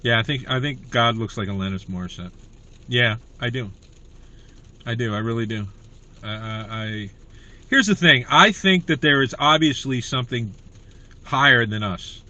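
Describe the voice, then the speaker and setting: Male comedian host, casual livestream banter, rambling, bright tone. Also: medium pitch, expressive, moderate pace, long pauses. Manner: rambling, chatty, reading viewer comments.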